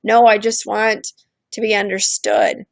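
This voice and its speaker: A woman's voice: mid-range voice, level tone, unhurried, creaky, no echo. A woman hosting a streamed show, explaining ideas in a candid, casual way and acting out quoted voices, with frequent restarts.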